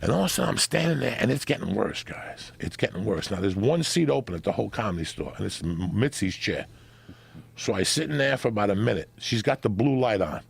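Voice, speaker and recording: A middle-aged comedian telling an animated, profane story and acting out the people in it. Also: male voice, fairly low pitch, fairly quick, gravelly, breathy edge. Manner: profane, excitable, acts out voices. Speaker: comedian guest.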